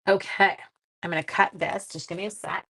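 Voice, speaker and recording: A woman's voice: mid-range voice, steady tone, fairly quick, fairly bright tone. A middle-aged woman hosting a live stream, chatting casually with viewers and reading their comments while she makes cards. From Canada. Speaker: live-stream crafting host.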